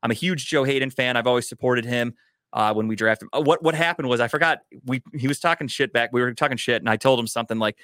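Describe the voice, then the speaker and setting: Man sports podcaster: rapid, profane, dry close mic. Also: medium pitch, a bit bright, no room sound. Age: adult, grown older. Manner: profane, fast storytelling. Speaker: podcast host, sports fan. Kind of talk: casual sports chat.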